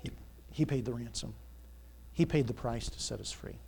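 A male pastor preaching a Sunday sermon, asking the congregation to fill in words and building to loud, emphatic passages. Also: medium pitch, normal speed, creaky, breathy edge. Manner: call-and-response questions, rising to loud emphatic preaching. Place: church sanctuary. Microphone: church sound system mic.

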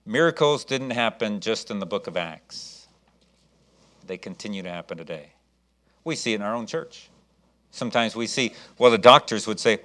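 A man preaching a sermon, reading scripture and acting out the people in the story with lively, shifting delivery. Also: lowish voice, moderate pace, pauses often. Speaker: pastor.

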